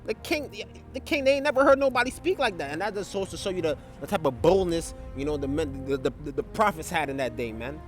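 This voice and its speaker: A man's voice: on the high side, animated, fast, hardly any pauses, faint music behind. A man giving a casual Bible study, talking loosely with filler tags and restarts and reading scripture passages aloud. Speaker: Bible teacher.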